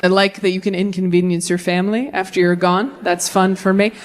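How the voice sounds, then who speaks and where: A woman's voice: on the low side, fairly quick, very noisy. A woman in her thirties performing stand-up comedy on stage, acting out characters in shifting voices. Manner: animated, acts out quoted characters in shifting voices. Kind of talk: stand-up set. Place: comedy stage before a live audience.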